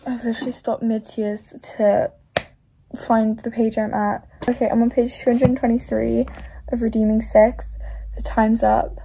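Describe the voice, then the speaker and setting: A woman's voice: fairly high pitch, level tone, measured pace, vocal fry, mellow, slight background noise. A young woman vlogging about her reading, talking casually and emotionally, sometimes close to tears. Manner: emotional, gushing, tearful at times. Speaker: book vlogger.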